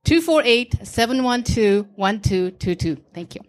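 A woman's voice: fairly high pitch, lively intonation, unhurried. A woman making a businesslike announcement, reading out a phone number twice. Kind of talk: short announcement.

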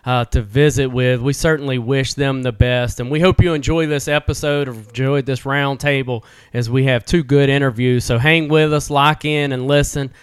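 Man, podcast host, easygoing, smooth voice, dry sound. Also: mid-range voice, fairly even intonation, normal speed, few pauses, no room sound. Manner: easygoing, uses "uh" fillers. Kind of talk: casual interview.

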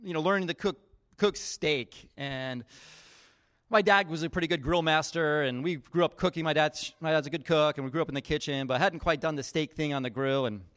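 A man with a slightly high, somewhat bright voice speaks briskly. He's a pastor delivering a casual, conversational sermon, telling stories and acting out the voices of the people in them, chatty and leaning on fillers like "like" and "you know."

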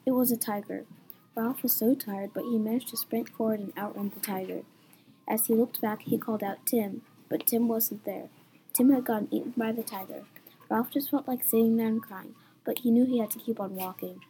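A young woman reading a story aloud in a plain, even storytelling way. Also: a little high, normal speed, a little hiss or hum, rough recording. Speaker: story reader.

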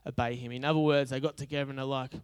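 Male pastor, sermon, resonant clear voice, humorous, emphatic repetition. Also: medium pitch, level tone, racing.

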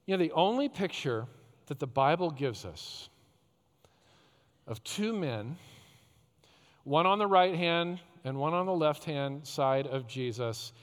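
Male pastor, sermon delivery, emphatic with hushed drops; slightly high voice; long hall reverb. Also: animated, slow, long pauses. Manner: emphatic preacher, swinging between loud rhetorical questions and hushed tender phrases.

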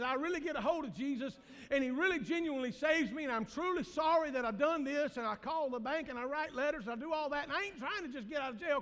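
Southern preacher man, real high voice, shouts then drops way down quiet, big church reverb. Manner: preaching with big swings from loud shouting to hushed low tones. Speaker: pastor. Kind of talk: sermon. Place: church sanctuary.

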